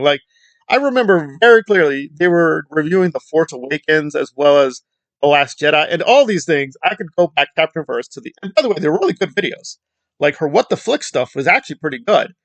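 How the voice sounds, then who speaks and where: A man's voice: on the high side, very animated, fairly quick, fairly bright tone, no room sound. A man giving a ranting film commentary in a heated, rambling, sarcastic way.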